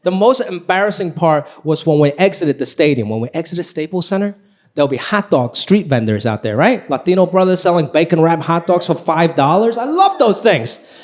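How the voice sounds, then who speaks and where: High-pitched, animated male stand-up comic. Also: brisk. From Los Angeles. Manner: animated, high-energy storytelling. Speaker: stand-up comedian. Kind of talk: live stand-up comedy. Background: audience laughing.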